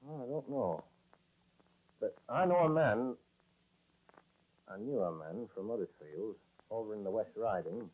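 An actor doing a Yorkshire accent as a gruff, friendly army corporal in a 1940s radio drama, folksy and ominous. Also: male voice, on the low side, animated, a little slow, long pauses. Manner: folksy, ominous storytelling with "aye" and "lad". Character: gruff, friendly Yorkshire lance corporal, older drill master. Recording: tinny old radio broadcast recording.

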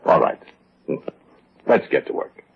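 A man's voice: takes it slowly, lightly acted. An actor playing a polite, fussy shopkeeper who tells his story to the listener, in 1940s radio acting. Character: fussy, kindly middle-aged shopkeeper telling his story. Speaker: narrator and shop owner. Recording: tinny old radio broadcast with music.

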